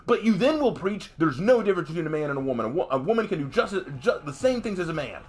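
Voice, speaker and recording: Animated, emphatic male game streamer. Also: on the high side, quick pace, hardly any pauses, husky. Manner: animated, emphatic ranting with restarts. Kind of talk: casual commentary while streaming a game.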